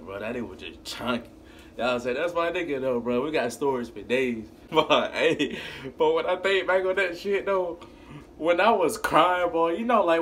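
A man telling a funny story about his youth in a casual, animated, profane way, laughing as he goes. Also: medium pitch, a little hiss or hum. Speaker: vlogger.

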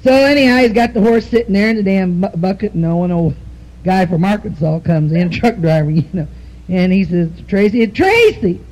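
A woman's voice: fairly low pitch, mellow, poor audio. A woman doing bawdy live stand-up, a profane, rambling storyteller who strings jokes together with "I said, he said" and chuckles at her own punchlines, into a stage microphone. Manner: drawn-out "I said, he said" story delivery. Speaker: stand-up comedian. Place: nightclub stage with a live audience.

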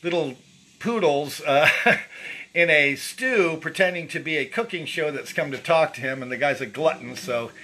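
A man's voice: on the high side, moderate pace, sharp tone. A middle-aged man casually walking through his own painting, rambling with lots of fillers and restarts. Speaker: painter showing his artwork. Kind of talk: casual walkthrough commentary.

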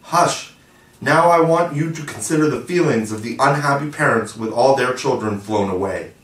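A man's voice: medium pitch, normal speed, pitched above the performer's own voice, lightly acted. Wendy, motherly girl storyteller played by a man. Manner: patient, gently scolding. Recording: roomy, distant mic.

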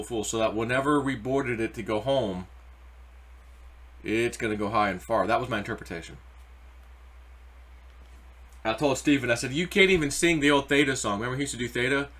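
A man's voice: mid-range voice, a bit bright. A middle-aged man giving casual, rambling crypto market commentary with anecdotes and spiritual asides. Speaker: crypto YouTuber.

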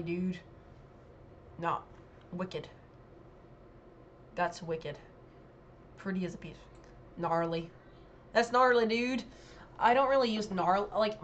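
A young woman with a slightly low voice talks casually to camera, reading questions and thinking aloud. Her chat rambles and circles back to answers. A faint hum of background noise sits under the recording. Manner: chatty, thinking aloud, reads questions then muses. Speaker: vlogger. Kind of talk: casual quiz commentary.

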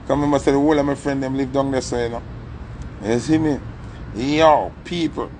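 A young man with a Jamaican accent telling a story in a casual, animated way and acting out the voices in it. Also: medium pitch, a little fast, a little hiss or hum. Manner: animated, acts out the story's voices, patois-heavy.

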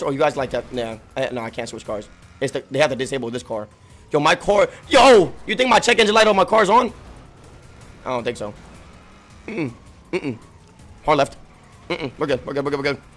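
A young man streaming a game, talking frantically and swearing, swinging from low muttering to yelling, and getting out of breath. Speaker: gaming streamer. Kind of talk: frantic live gameplay commentary.

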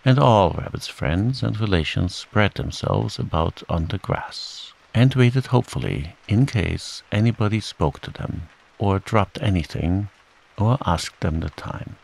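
A man reads a bedtime story slowly and calmly, with a lowish, gravelly voice that stays lively in its melody. Steady rain falls behind him. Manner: slow, soothing, gently voices the characters. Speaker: audiobook narrator. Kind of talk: calm bedtime story reading.

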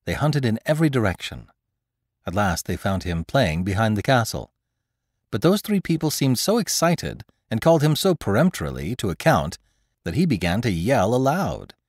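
Low-voiced male audiobook narrator. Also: sing-song, dry recording, clean studio sound. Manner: measured storytelling. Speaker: audiobook narrator and podcast host. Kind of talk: scripted narration of classic fiction.

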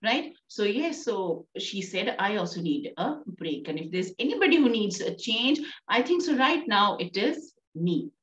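A woman's voice: on the high side, sing-song, a little slow, few pauses, a bit bright. Indian English woman teacher, roomy sound. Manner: coaxing, checks with "right?" often. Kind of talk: classroom lesson explaining a play. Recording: distant, roomy, dull sound.

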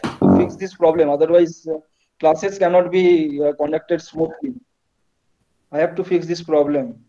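A man lectures over a video call, pausing on fillers and breaking off his words. His voice sits high and mellow. The call audio is dull and lo-fi. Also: animated, gravelly. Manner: halting, many fillers and restarts. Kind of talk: online class lecture.

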